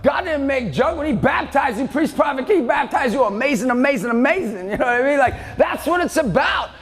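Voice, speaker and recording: A man in his thirties giving an intense, shouting, jokey faith talk to a live audience. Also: very high voice, lively intonation, brisk. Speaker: youth speaker. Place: large event hall. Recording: long hall reverb, faint crowd.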